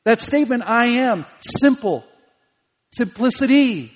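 A man's voice: very high voice, animated, unhurried. A man preaching a sermon as pastor, emphatic and dwelling on single words. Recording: dull lo-fi recording in a reverberant hall.

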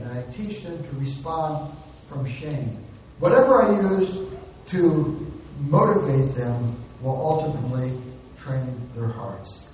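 A man with a fairly high voice preaches a sermon on parenting, now and then acting out parents and children for humor. The sound is dull and lo-fi, with heavy echo from a large church hall. He stands at some distance from the mic. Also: a little mellow, a little hiss or hum. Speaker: pastor.

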